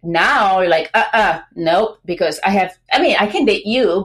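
A pregnant woman talking as a guest on a business podcast, chatty and lively, acting out quoted remarks between many fillers. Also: medium pitch, normal speed, few pauses. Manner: animated, acts out quoted voices, many fillers. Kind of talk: casual interview talk.

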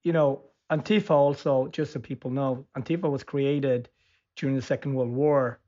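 A man's voice: medium pitch, steady tone, normal speed, dark tone. A man telling a personal story in casual conversation, rambling with frequent restarts and fillers. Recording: muffled lo-fi audio.

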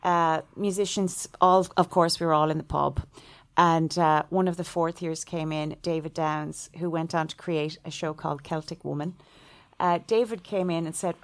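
Composer lady, middle-aged, kinda low voice, chatty and animated, does little voices for people in her stories. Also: moderate pace. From Ireland. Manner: animated, acts out quoted voices with laughs. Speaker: composer guest. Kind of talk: storytelling interview answer.

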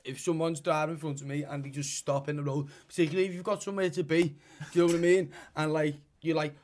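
Young scouse guy rambling on, sweary, a bit high voice, keeps saying you know what i mean. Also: fairly even intonation, fast talker, darkish tone. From Liverpool, England. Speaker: musician. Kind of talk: casual podcast chat.

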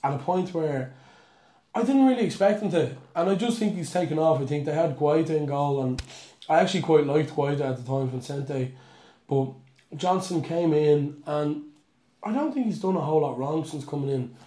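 A man's voice: on the high side, normal speed, mellow. Bantering man in an echoey room. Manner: laughing, teasing banter. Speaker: podcast co-host. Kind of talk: casual football chat. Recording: roomy echo, faint music.

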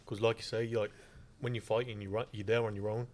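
A man's voice: lowish voice, level tone, fast, a little mellow. A man co-hosting a casual podcast, chatty and slangy, laughing easily. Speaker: podcast co-host.

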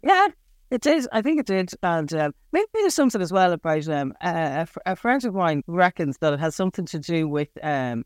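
Her voice is on the low side, very animated and fairly quick, captured in a dry, clean studio. This middle-aged Northern Irish writer, with an Irish accent, is a guest in a casual interview, speaking frankly and self-deprecatingly, hesitant and full of restarts and fillers.

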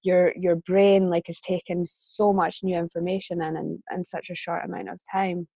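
A woman's voice: lowish voice, level tone, moderate pace, gravelly, warm tone, slightly rough, dry recording, highs cut off. A woman telling a personal story as a guest in a casual conversation, chatty and laughing often. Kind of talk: casual chat.

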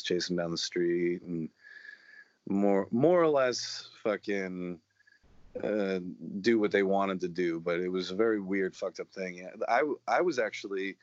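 A man's voice: deep voice, no echo, muffled recording. A man telling rambling, profanity-laced stories in a casual chat. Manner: profane, rambling, matter-of-fact.

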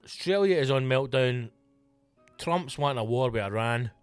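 Scottish guy ranting on his podcast, sweary and mocking, average pitch. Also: lively intonation, normal speed, clean tone, no echo, soft background music. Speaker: comedian podcast host. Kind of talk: casual solo rant.

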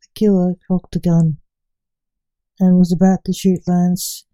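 Slow, dark-voiced woman narrator. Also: on the low side, little pitch movement, rough recording. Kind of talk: storybook reading.

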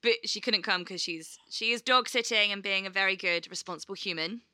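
A woman chatting on a podcast with a bright, forceful voice. She tells stories animatedly, jumps into other people's voices and swears freely. The sound is dry and close. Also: mid-range voice, fairly quick, no echo. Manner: animated storyteller, acts out quotes, swears freely. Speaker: podcast co-host. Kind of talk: casual chat.

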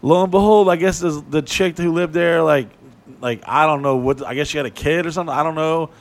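A man's voice: fairly high pitch, brisk. A man on a podcast telling a long, crude, rambling story in casual chat, cursing often. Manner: profane, animated, rambling. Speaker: podcast co-host.

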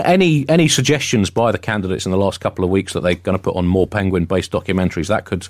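A low-voiced man co-hosting a satirical comedy podcast, spinning absurd riffs in a deadpan tone. The sound is dry and close, with no room around him. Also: dry recording. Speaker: co-host.

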